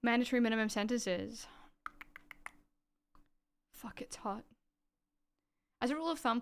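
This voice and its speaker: Australian woman streamer, smooth voice. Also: a little high. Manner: reads legal text aloud, then chats offhand with viewers and swears casually. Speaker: livestreamer. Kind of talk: casual livestream chat and reading aloud.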